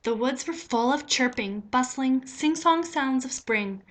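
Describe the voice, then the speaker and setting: A woman reading a children's picture book aloud in a slow, gentle, expressive way. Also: high-pitched. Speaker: storybook reader. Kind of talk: children's story read-aloud.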